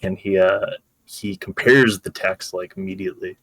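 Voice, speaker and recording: A man's voice: sits low, steady tone, normal speed, fairly bright tone, breathy edge, dry recording. A man co-hosting a podcast, recapping an episode in loose, joking, profane chat. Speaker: podcast co-host.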